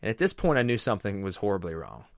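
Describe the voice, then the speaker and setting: A man's voice: on the low side, huge pitch swings, fast talker, gravelly, no echo, clean studio sound. A young man hosting a podcast, telling a rambling story with profanity and lots of restarts. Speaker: podcast host. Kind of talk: casual storytelling chat.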